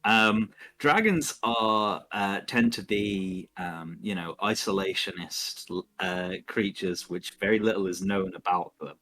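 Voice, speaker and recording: A low-pitched man narrating a tabletop game as dungeon master. He talks loosely with many fillers and little chuckles. Soft music plays faintly underneath. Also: a little slow, hardly any pauses.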